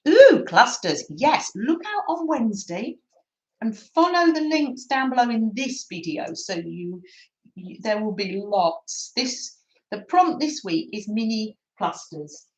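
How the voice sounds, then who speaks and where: Slow and sing-song, a slightly high woman's voice carries a live craft stream from her craft room at home. She meanders, laughs at herself often, and coos warmly at her dog, all picked up by the streaming camera on her table in a roomy, rather dull home recording.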